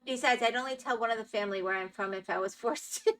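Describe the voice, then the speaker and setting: A woman's voice: a little high, fast, hardly any pauses, a bit bright, recorded from a distance. A woman streamer chatting casually with her chat while playing a game, thinking aloud as she goes.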